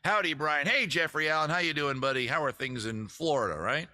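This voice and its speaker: A man hosting a casual livestream, rambling and self-mocking with deadpan asides. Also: on the high side, fairly quick. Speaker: livestream host. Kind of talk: casual livestream chat between songs.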